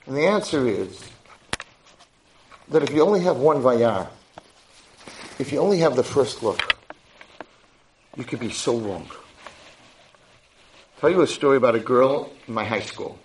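A man, a rabbi, giving a Torah lecture with animated storytelling and acted-out voices. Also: medium pitch, unhurried, long pauses, slight background noise, poor audio. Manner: animated, acts out voices in stories. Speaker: rabbi and high school head.

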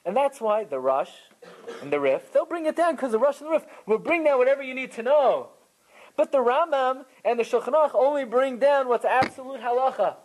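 A man leads a Talmud class. His pitch swings widely, leaping up and down as he makes each point. He sounds casual and conversational, mixing in Hebrew and Yiddish terms. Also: animated, brisk, rough recording. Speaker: Torah teacher.

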